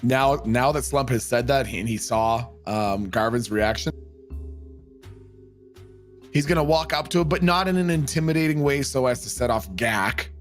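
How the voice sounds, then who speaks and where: A man's voice: mid-range voice, normal speed, faint music behind. A man playing a tabletop game, casually describing what his character does. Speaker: player.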